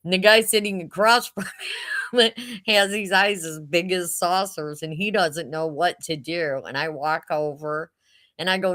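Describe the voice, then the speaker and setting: A woman in her sixties telling family stories casually, chatty and animated, often laughing as she goes. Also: lowish voice, moderate pace. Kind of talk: casual storytelling.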